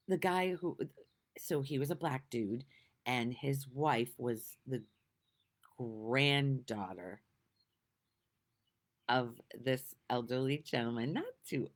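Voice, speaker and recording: Middle-aged female vlogger, low-pitched and highly expressive, chatty and rambling, frequent laughter. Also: slow, long pauses. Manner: rambling, laughing, lots of restarts. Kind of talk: casual storytelling vlog.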